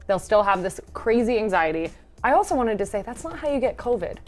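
Higher-pitched woman telling a lively story. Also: a little fast, soft background music. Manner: animated storyteller acting out quoted people. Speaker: podcast co-host. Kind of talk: casual chat.

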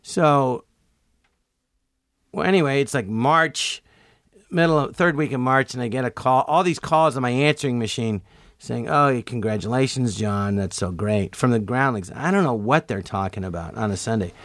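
Man, 60s, lively raconteur who acts out quotes; dry, close mic. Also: medium pitch, normal speed, no room sound. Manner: animated storyteller, acts out quoted voices. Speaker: guest comedian. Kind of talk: casual storytelling interview.

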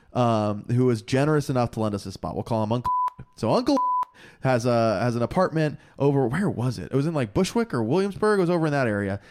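Young guy cohosting a goofy podcast, laughs a lot, mid-pitched and lively. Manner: jokey, laughs often, animated. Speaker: podcast co-host. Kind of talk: casual comedy podcast chat. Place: New York area.

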